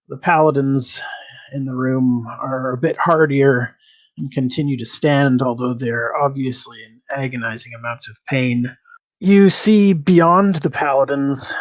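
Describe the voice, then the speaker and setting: A man narrating a tabletop game as game master in an unhurried, descriptive way. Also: medium pitch, poor audio.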